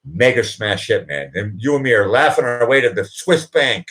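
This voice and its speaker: A man's voice: animated, normal speed. A man with a Boston accent, hosting a live chat and coaching a nervous guest with repeated mantras. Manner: emphatic, repetitive coaching, swings loud and high on mantras. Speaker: host and producer. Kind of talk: live chat pep talk.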